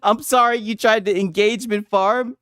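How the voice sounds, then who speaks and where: A man hosting a stream, reacting to clips with loud, laughing, profane mockery. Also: sits high, steady tone, normal speed, clean tone, no echo, studio quality. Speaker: livestream host reacting to clips. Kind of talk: casual reaction commentary.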